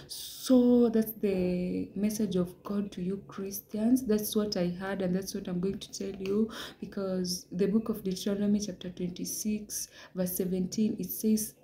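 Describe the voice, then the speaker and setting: Young woman preaching her testimony, warm dark tone, earnest, keeps going quiet and whispery. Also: medium pitch, fairly even intonation, measured pace. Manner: earnest, repetitive, drops into hushed half-whispers. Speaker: vlogger sharing a religious message.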